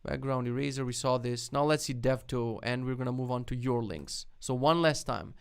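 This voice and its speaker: Male streamer, casual and irreverent, mouthy commentary with a gravelly edge. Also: medium pitch, moderate pace. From lives in Poland. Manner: blunt, swears freely, mocking asides. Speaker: live streamer reviewing web projects.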